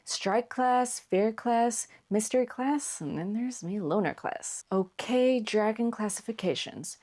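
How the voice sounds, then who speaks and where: A woman voicing a nervous young male viking boy with an American accent, nasal, whispery and breathy. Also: fairly high pitch, measured pace, a little mellow. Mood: apprehensive.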